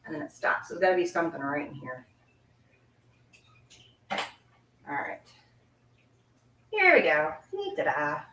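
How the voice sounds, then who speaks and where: A woman's voice: deep voice, wildly swooping pitch, measured pace, pauses often, background noise. A middle-aged woman from Canada hosts a casual card-making demonstration, chatting and giggling as she works. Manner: chatty, giggly, talks while working. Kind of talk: casual live craft demonstration. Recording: echoey room, mic set at a distance.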